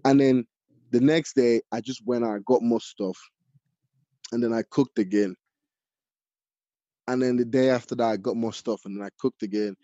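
A man from Nigeria, a chef, telling his story casually in an interview, animated and full of fillers. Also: medium pitch, moderate pace, pauses often, no room sound. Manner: animated, many fillers like "like" and "you know". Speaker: chef, podcast guest. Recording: dull lo-fi audio.

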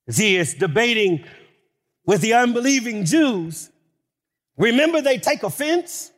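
A man preaching a sermon with emphatic delivery that builds to shouted declarations. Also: very high voice, very animated, unhurried. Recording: long hall reverb.

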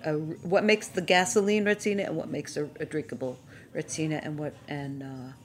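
A woman chats as a podcast guest, her voice a little low. She rambles with playful enthusiasm and jumps between thoughts. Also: steady tone, normal speed. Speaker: guest, cake designer. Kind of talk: casual interview chat.

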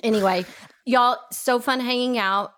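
A woman hosting a casual chat, relaxed and chatty, swearing casually. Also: on the high side, a little slow. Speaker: podcast host.

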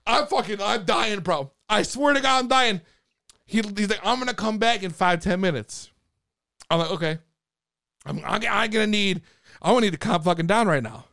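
A man telling a story in casual chat, excitable and full of swearing and slang. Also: high-pitched, normal speed, vocal fry.

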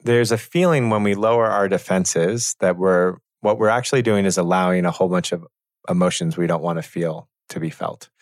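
Deep-voiced man, calm and thoughtful. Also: no room sound, clean studio sound. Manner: thoughtful, measured, pauses to find words. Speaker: teacher. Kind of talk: reflective conversation.

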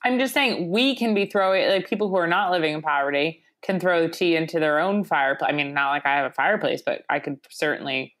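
A woman's voice: sits low, fast talker, hardly any pauses, fairly bright tone. A woman co-hosting a podcast in casual chat, sarcastic and swearing, telling stories with animation. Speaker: podcast co-host.

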